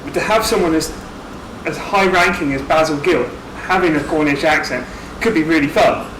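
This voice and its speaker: Man, from South West England, fairly high voice, hesitant, distant, roomy noisy hall. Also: moderate pace. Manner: hesitant, restarts, thoughtful. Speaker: panelist. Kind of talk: casual panel chat. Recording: roomy hall from far off with noise.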